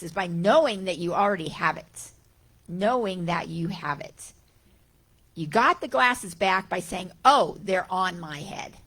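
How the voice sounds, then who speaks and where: Posing rhetorical questions in a conversational style, a woman teacher delivers a reflective spiritual talk. Her voice is medium in pitch and a bit bright.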